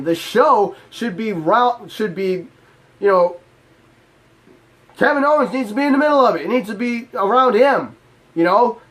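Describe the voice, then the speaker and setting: A man hosting his own channel, delivering a heated, profane, exasperated rant to camera. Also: high-pitched. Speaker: channel host. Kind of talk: ranting vlog to camera.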